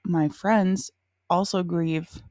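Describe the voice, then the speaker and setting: A woman's voice: lowish voice, fairly even intonation, very slow, a little mellow, dry recording, studio quality. A young woman co-hosting a podcast, laid-back and wry, giggling as she chats. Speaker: podcast co-host. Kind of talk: casual chat.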